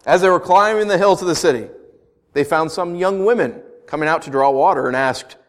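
A man's voice: fairly high pitch, a little fast. A man preaching as pastor, reading scripture and then explaining it in a conversational way, full of rhetorical questions.

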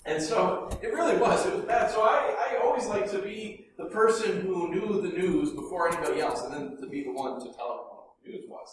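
A man telling a first-person dramatic monologue in an animated way, dropping to hushed murmurs and rising to loud bursts. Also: sits high, fairly quick, few pauses, slight background noise. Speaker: storyteller. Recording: echoey room from a distance.

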